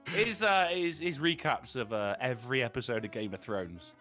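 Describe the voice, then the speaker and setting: Fields: Sex: man. Role: podcast co-host. Style: casual chat. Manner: profane, emphatic. Pitch: slightly high, very animated. Behind: faint music. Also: normal speed.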